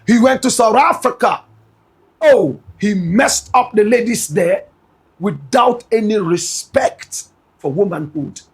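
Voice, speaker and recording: A man with a Ghanaian accent delivers dramatic gossip news commentary in a high, husky, animated voice, taking it slowly. He is emphatic and talks straight to his audience, repeatedly calling them "my brother, my sister".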